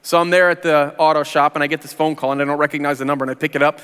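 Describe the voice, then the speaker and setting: A man's voice: a little high, steady tone, racing, fairly bright tone, smooth. A man in his forties, a pastor, telling a personal testimony in an earnest, conversational way with casual slang, in a church sanctuary. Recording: long reverb of a large hall.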